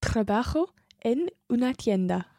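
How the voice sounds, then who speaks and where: A woman's voice: on the high side, animated, unhurried, dark tone, dry recording, studio quality. A woman acting as the learner on a language podcast, repeating phrases after the teacher.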